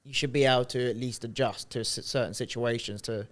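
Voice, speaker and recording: A man's voice: mid-range voice, steady tone, fairly quick. A man co-hosting a podcast, chatting casually in a reflective way that often trails off and restarts. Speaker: podcast co-host.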